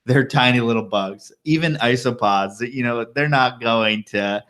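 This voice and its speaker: A man's voice: medium pitch, unhurried, a bit bright. A man hosting a reptile podcast in casual chat, joking and swearing freely. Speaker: podcast host.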